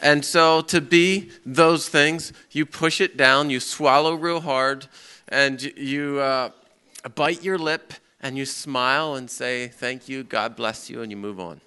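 Lively male pastor in a teaching sermon, bright, clear voice. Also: fairly high pitch, slow pace. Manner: lively, asks the audience questions, acts out a story. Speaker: pastor teaching a Bible class. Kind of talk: interactive sermon with storytelling.

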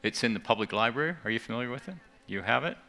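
A man's voice: mid-range voice, expressive, racing, creaky, pushed and bright. A man giving an earnest talk to a church audience, often restarting and repeating words. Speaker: seminar speaker.

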